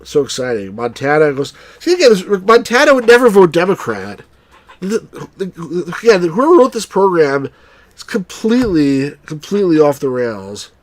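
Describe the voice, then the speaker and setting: A man from New Jersey chatting wryly through a live game stream, now and then cheering out loud. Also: on the high side, normal speed, no echo. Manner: chatty, wry, bursts into excited cheers. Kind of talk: live let's-play commentary.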